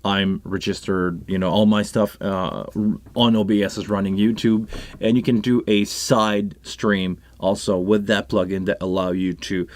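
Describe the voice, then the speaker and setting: Chatty French Canadian man, low voice. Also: flat delivery, measured pace, dry recording. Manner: rambling, chatty, many restarts and asides. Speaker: live stream host, sound engineer. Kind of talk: casual live stream chat. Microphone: live microphone on a console setup.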